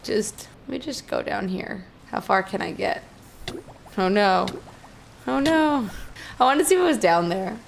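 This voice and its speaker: A young woman streaming a game in casual chatter, excitable, gasping and cursing at what happens on screen. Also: mid-range voice, measured pace, gravelly, pauses often. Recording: music playing behind her.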